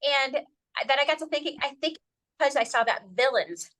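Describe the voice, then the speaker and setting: A woman's voice: high voice, animated, fairly quick, fairly bright tone. A woman hosting a podcast interview, chatty and bubbly, asking questions in a casual way. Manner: bubbly, chatty, laughs often. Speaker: podcast host.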